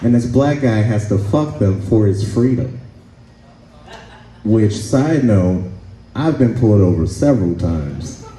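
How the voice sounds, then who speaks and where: A man doing a stand-up comedy set in a club, laid-back and halting, often pausing with "uh" and chuckling between lines. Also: on the low side, lively intonation, warm tone, reverberant, rough recording. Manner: laid-back, halting, with frequent "uh" and "let's see".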